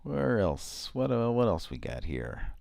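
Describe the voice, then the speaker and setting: A man's voice: medium pitch, sing-song, a little slow, vocal fry, darkish tone, no room sound, studio quality. A man hosting a live prank-call show, mumbling casual asides that trail off to himself. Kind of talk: casual live-stream chat.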